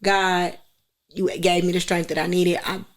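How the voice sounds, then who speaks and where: A woman's voice: lowish voice, flat delivery, unhurried. A woman in her thirties, a podcast guest, giving earnest, encouraging advice in casual chat.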